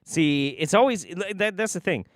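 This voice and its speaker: A man hosting a casual livestream, talking in an animated, profane way and laughing often. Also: high-pitched, moderate pace, no room sound, clean studio sound. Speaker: livestream host.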